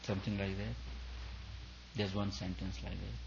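A man's voice: low voice, level tone, moderate pace, creaky, dull audio, noisy background. A man, a spiritual teacher, giving an earnest discourse at a retreat, building his points through repeated emphatic phrases.

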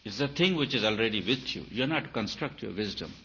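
A man, a spiritual teacher, giving an emphatic talk full of rhetorical questions, swinging between loud and soft. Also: lowish voice, expressive, fast talker, gravelly. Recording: dull lo-fi recording with faint hiss.

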